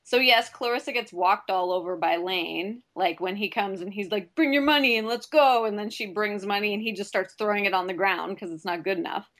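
Female podcast co-host, casual and giggly, mid pitch. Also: fairly even intonation, a little fast, hardly any pauses, a bit bright. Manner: giggly, laughs often while talking. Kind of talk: casual film discussion.

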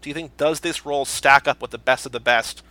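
A man hosting a casual movie podcast, running through award categories with quick, animated delivery. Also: medium pitch, no echo. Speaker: podcast host.

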